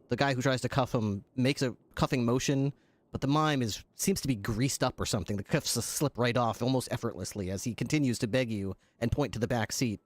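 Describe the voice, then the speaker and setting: A man narrating a role-play scene as game master, halting and restarting as he describes the action. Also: medium pitch, no room sound.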